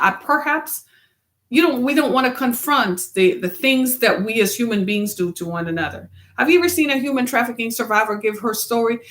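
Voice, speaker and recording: A woman's voice: on the high side, a bit bright. Earnest woman host, preacher-like. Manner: earnest, preacher-like, asks the listener questions. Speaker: web series host. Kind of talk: motivational talk to camera.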